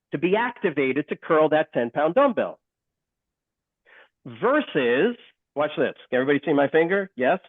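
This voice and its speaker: A man's voice: fairly high pitch, no room sound. Man teaching a class over a video call. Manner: animated, asks the class questions, repeats key points. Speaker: instructor. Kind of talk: live online lecture. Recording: dry, phone-like call audio.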